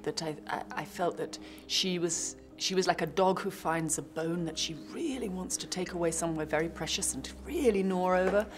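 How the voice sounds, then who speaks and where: A woman's voice: fairly low pitch, normal speed, hardly any pauses, over music. A woman actress answering interview questions in a reflective way, often restarting her sentences and adding playful asides.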